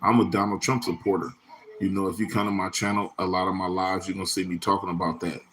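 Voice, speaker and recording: A man's voice: deep voice, flat delivery, fast talker, fairly bright tone, slight background noise. A man hosting his own livestream in a loose, rambling, profane way, full of slang and answering viewers' chat comments by name. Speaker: livestream host.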